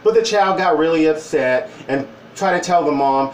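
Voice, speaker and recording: A man in his forties telling a personal story to camera in a wry, animated way. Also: fairly high pitch, a little fast, hardly any pauses, slight background noise. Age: 40s. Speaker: vlogger. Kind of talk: casual storytelling. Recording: roomy, distant from the mic.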